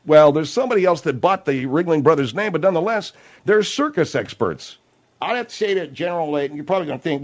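A man's voice: fairly high pitch, animated, quick pace. A man hosting a comedic radio talk show, wry and playful, often mock-flustered.

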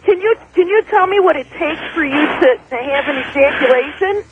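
A woman's voice: sits high, expressive, brisk. A woman caller on a radio show, blunt and cutting. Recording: tinny phone line with faint hiss.

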